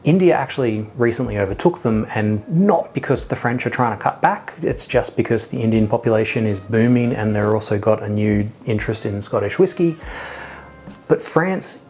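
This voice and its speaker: An Australian man with a mid-pitched voice hosts a casual whisky review video. His talk is chatty and self-mocking, with jokey asides along the way. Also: a little mellow. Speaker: whisky reviewer, channel host.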